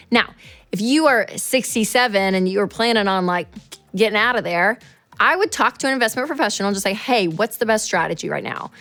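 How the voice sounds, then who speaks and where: A woman in her thirties hosting a show, talking through money advice in a casual, animated way and acting out quotes. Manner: animated, chatty, acts out quotes in a higher voice. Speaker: show host.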